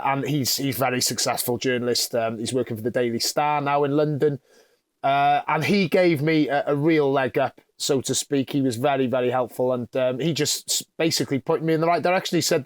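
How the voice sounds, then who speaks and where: A man's voice: mid-range voice, steady tone, brisk, no echo, clean studio sound. A middle-aged man from North Wales with a Welsh accent, chatting casually as a podcast guest, self-deprecating and full of fillers. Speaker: podcast guest, football journalist. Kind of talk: casual chat.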